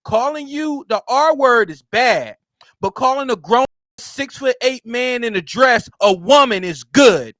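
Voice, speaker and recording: Man with a high voice, loud and blunt podcast guest, close dry mic. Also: lively intonation, a little slow, dry recording. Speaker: guest commentator. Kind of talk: heated podcast talk.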